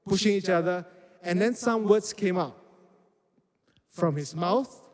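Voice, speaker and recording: A man's voice: high-pitched, unhurried. A man who preaches to youth and acts out the quotes in his stories. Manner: animated storytelling with acted-out quotes. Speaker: youth pastor. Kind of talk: sermon. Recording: reverberant hall.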